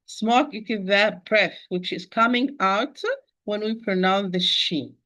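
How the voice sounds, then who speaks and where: A woman's voice: mid-range voice, unhurried, fairly bright tone. Patient woman teaching Quran recitation. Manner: patient, repetitive, addresses listeners as dear sister. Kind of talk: online tajweed lesson.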